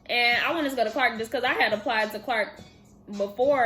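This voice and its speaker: A Bay Area woman in her twenties answers viewer questions in a vlog, talking in a casual, chatty, animated way, laughing and letting sentences trail off. Her voice sits on the high side and moves fairly quickly over soft background music.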